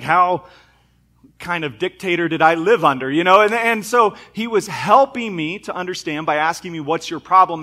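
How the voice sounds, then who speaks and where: A man's voice: a little high, bright, forceful tone. A man in his thirties preaching a sermon in a church, reading scripture and telling stories from his childhood in a conversational, self-deprecating way. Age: 30s. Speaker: pastor. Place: church sanctuary.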